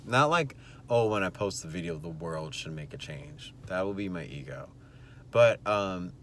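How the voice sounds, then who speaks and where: A man's voice: low voice, fairly bright tone. Rambling Californian man in a noisy car. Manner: rambling, emotional, with fillers and laughs. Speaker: vlogger. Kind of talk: casual vlog commentary. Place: in a car at evening.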